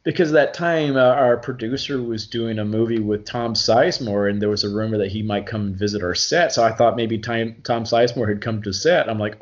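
A man from Alabama, an actor guest telling lively anecdotes in a casual interview, often laughing and acting out quotes. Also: medium pitch, fairly quick, few pauses, lo-fi sound. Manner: animated anecdotes with frequent laughter and acted-out quotes.

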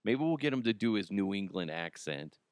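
A man's voice: lowish voice, sing-song, a little fast, smooth, no echo, studio quality. A man hosting his own podcast alone, rambling and joking and laughing at his own stories. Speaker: podcast host. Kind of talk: casual solo podcast monologue.

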